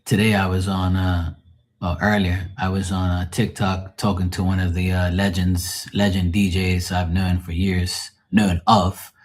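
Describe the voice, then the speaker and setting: A Bermudian man talks to his live-stream viewers in a loose, joking way and swears casually as he goes. His voice sits fairly low and has a husky grain, and it is picked up on a phone mic. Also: level tone, measured pace. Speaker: livestream host and tarot reader.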